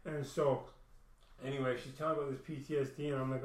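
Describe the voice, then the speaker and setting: A man's voice: mid-range voice, fairly even intonation, brisk. Guy ranting to his cam at home, cussing nonstop, rambly, kinda echoey room. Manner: rambling, heavy swearing, restarts often. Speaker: vlogger. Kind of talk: emotional personal monologue.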